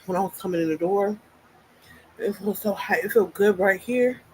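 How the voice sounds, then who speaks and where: A woman's voice: medium pitch, moderate pace, a little hiss or hum, low-quality recording. A woman vlogging casually, out of breath and venting bluntly with profanity. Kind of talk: casual personal vlog.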